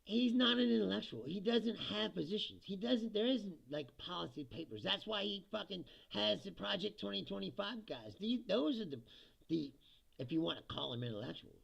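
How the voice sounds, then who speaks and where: A man's voice: sits high, expressive, moderate pace, creaky, muffled recording. A man hosting a livestream, ranting about politics in a profane, mocking way, laughing often and mimicking quotes in a put-on voice. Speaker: livestream host.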